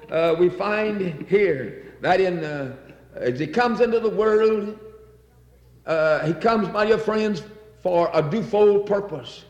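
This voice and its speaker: A man's voice: high voice, highs cut off. A man preaching a sermon in a church, fervent and repetitive, reading scripture aloud between exclamations. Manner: fervent, repeats phrases, reads scripture aloud. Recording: echoey hall.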